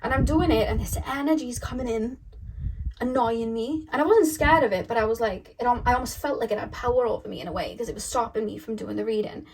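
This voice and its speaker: A woman's voice: on the high side, quick pace, slight background noise. A woman tarot reader telling a spiritual story to camera in a rambling, emphatic way. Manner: rambling, emphatic, lots of fillers and restarts.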